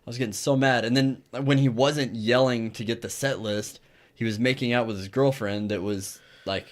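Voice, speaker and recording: A man's voice: mid-range voice, fairly even intonation, normal speed. A man co-hosting a podcast, telling a story in casual chat and swearing freely. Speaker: podcast co-host.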